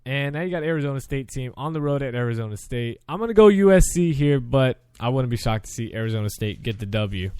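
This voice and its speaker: A man's voice: medium pitch, lively intonation, fast, hardly any pauses, a little mellow, clear, resonant tone, dry recording. A young man hosting a sports show, casually running through his game picks, chatty and often correcting himself mid-sentence. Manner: chatty, self-correcting, frequent restarts.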